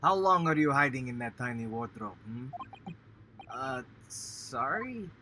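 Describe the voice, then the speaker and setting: A man's voice: medium pitch, sing-song, unhurried, bright, forceful tone, a little hiss or hum. A man putting on a stern Russian-accented ship officer. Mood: menacing. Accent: put-on Russian. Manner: stiff, broken formal English, threatening.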